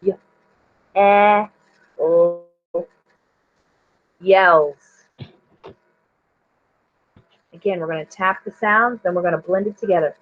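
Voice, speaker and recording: A woman teacher leading an online reading lesson for young children, sounding out letters clearly and praising her readers. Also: fairly low pitch, slow, pauses often. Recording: dull lo-fi recording.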